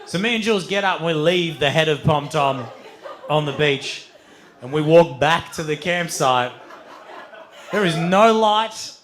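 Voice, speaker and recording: A man telling a long story on stage as a stand-up comedian, swearing freely and getting animated. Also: on the high side, a little slow, slight background noise. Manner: animated, swearing, building to shouts.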